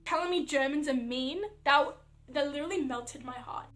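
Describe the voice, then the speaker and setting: A young woman with an Australian accent talks casually to camera, her voice sitting notably high. She tells stories in a chatty, animated way, dropping plenty of fillers, with a faint hum behind her. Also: normal speed. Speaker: athlete vlogger.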